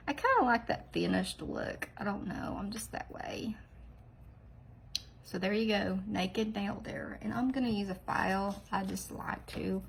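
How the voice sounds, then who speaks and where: A woman hosting a nail tutorial, chatting in a rambling, sniffly way and often dropping into soft whispered asides. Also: mid-range voice, gravelly, slightly rough, low-quality recording. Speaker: nail art channel host. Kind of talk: casual tutorial chat.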